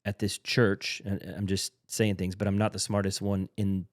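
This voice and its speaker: Low-voiced church leader explaining earnestly. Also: male voice, flat delivery, moderate pace, no room sound, studio quality. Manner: earnest, explains ideas step by step. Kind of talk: casual conversational interview.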